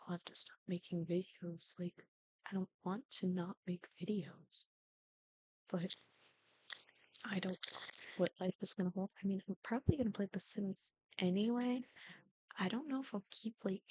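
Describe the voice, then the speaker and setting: A woman's voice: medium pitch, dry recording. Young woman yapping while playing a game, lots of ums, muffled dry mic. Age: young adult. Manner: rambling, frequent ums, soft-spoken. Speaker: YouTuber. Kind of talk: casual chat over gameplay. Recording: dull lo-fi dry sound.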